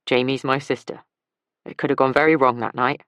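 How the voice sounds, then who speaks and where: Woman voicing a modest guy, quiet and understated, low and deep. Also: fairly even intonation, brisk, clean tone, no room sound, highs cut off. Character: kind, modest man mechanic.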